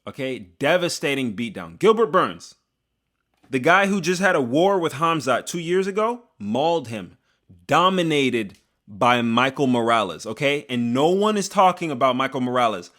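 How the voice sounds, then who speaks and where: A young man, an MMA commentator, giving an animated, jokey opinion vlog that talks straight to the fighters. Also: mid-range voice, moderate pace. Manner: animated, hyped, jokey, addresses fighters directly.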